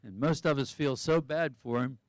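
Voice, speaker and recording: A man's voice: medium pitch, moderate pace, dry recording. A man giving live sports commentary who chats and thinks aloud about each skier's options.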